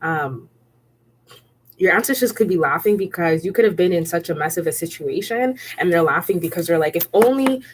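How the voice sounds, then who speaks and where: A woman's voice: on the low side, animated, a little fast, a little hiss or hum. Chatty woman giving a tarot reading. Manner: chatty and repetitive, often checking in with "okay?" and "right?"; laughs often while speaking. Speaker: tarot reader. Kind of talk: casual spiritual tarot reading.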